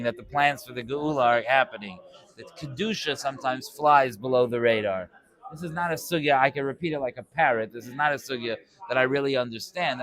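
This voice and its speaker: A man giving an informal Torah class to a live audience, conversational and acting out quick bits of dialogue. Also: mid-range voice, a bit bright.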